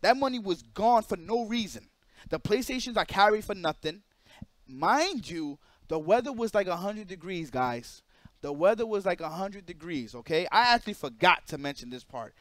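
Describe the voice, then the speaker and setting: Animated high-voiced man telling a story. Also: normal speed, dry recording. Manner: emphatic, repeats phrases, drops into quoted voices of others. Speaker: streamer. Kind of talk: animated storytelling rant to stream chat.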